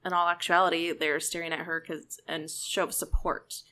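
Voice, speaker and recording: A woman's voice: little pitch movement, moderate pace, pushed and bright. A woman co-hosting a casual TV recap podcast. She is emotional and acts out scenes she describes. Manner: emotional, re-enacts scenes with high squeaky voices. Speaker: podcast co-host. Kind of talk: casual chat.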